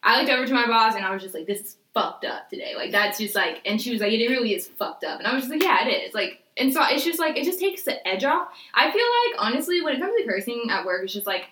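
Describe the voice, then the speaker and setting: An outspoken young woman talking frankly and cursing casually. Her voice is bright and forward. The room around her sounds echoey. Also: on the high side, lively intonation, fast talker, few pauses. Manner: blunt, outspoken, swears freely. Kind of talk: casual chat.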